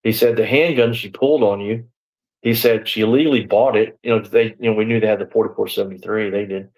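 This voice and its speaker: A man's voice: on the low side, steady tone, fast talker, a little mellow, low-quality recording. A man in his sixties, a former deputy, telling his story in a live interview. He rambles a little, leans on "you know" and "man", and acts out the back-and-forth of the people he quotes.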